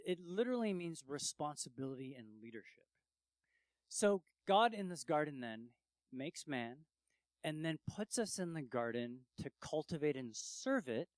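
A man's voice: fairly high pitch, no room sound. A man preaching a sermon, telling stories and acting out quotes with emphatic rises. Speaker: pastor.

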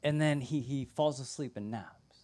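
A young man preaching a sermon, telling stories with lively acted-out voices and sudden drops to a hushed tone. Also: medium pitch, moderate pace. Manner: animated storytelling, acts out voices, drops to a hush. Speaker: pastor.

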